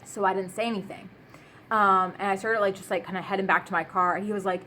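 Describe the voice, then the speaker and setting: A woman's voice: medium pitch, steady tone, fast, pushed and bright, a little hiss or hum. A woman vlogger telling stories in a casual, chatty way, full of fillers and laughing asides. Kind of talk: casual storytime.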